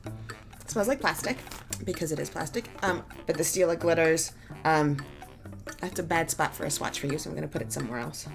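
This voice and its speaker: A woman's voice: low voice, a little fast, vocal fry, music in the background. A woman in her thirties chatting casually at home as she unboxes beauty products, wry and self-mocking as she works through the prices. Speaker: beauty vlogger.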